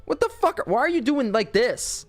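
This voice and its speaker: Ein verwirrter alter Mensch, der sein Handy anstarrt und mit schriller, sehr hoher Stimme fluchend Fragen ruft, von einem Mann nachgemacht. Die Stimme springt ungläubig nach oben, ist weit weg vom Mikrofon und wird laut und gepresst. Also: male voice, extremely high pitch, sing-song, normal speed, faint music behind, pitched above the performer's own voice. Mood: irate. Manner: bewildered, shouting, profane. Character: confused old person squinting at a phone.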